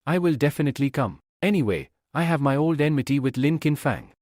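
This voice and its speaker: A man voicing a bold, self-assured young alchemist hero who speaks briskly and confidently. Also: a little high, animated, a little mellow, no echo, studio quality, voice pushed up, natural voice.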